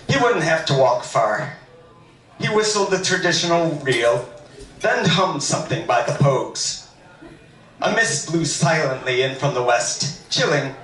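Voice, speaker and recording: A man reading his own fiction aloud at a public event, in a measured storytelling voice with a put-on Irish lilt. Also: fairly high pitch, fairly bright tone. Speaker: author reading his novel. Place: large hall at a reading event. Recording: echoey hall, mic at a distance.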